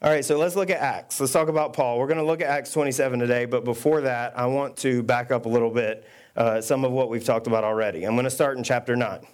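A man preaching a sermon, telling stories with self-deprecating humor and reading scripture aloud at a quick clip. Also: mid-range voice, fairly even intonation. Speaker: pastor. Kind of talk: conversational sermon.

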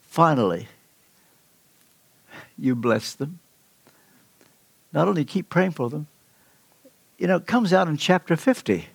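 An older man preaching a sermon, telling stories with emphatic swings in pitch. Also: very animated, takes it slowly, creaky, pauses often, breathy edge, no room sound. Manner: storytelling, emphatic with sudden pitch leaps.

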